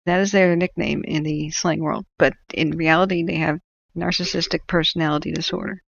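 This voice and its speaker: Woman host, creaky voice, casual opinionated rambling, dull lo-fi sound. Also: low-pitched, steady tone, brisk, no room sound. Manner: rambling, opinionated, with many fillers and restarts. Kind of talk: casual livestream talk. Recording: dull lo-fi audio.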